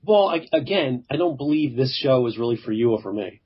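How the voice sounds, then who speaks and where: A man co-hosting a casual podcast chat, relaxed and blunt, swearing now and then. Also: medium pitch, brisk, slightly rough. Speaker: podcast co-host. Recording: dull lo-fi sound.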